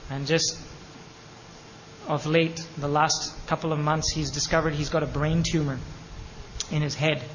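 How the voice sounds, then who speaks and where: High-voiced impassioned male preacher. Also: little pitch movement, unhurried, pauses often. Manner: impassioned preaching with sudden loud peaks and hushed drops. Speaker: pastor. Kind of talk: sermon. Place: church sanctuary. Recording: long hall reverb, faint ambience.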